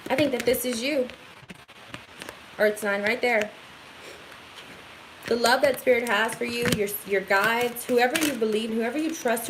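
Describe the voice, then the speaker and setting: A woman giving an excitable, affirming tarot reading straight to her viewers in a casual home recording. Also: a little high, measured pace, long pauses, background noise. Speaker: tarot reader.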